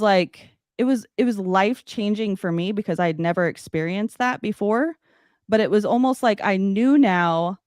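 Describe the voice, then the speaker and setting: A woman telling a personal story as a podcast guest, animated and loose, with many "like" fillers. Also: fairly low pitch, clean tone, dry recording, clean studio sound. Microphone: podcast studio mic.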